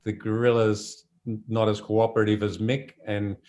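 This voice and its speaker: A man, a surf photographer telling stories from his trips in a relaxed, chatty way with frequent laughs. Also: lowish voice, moderate pace, dull audio. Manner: relaxed and chatty, laughs often, many fillers. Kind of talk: casual conversational storytelling.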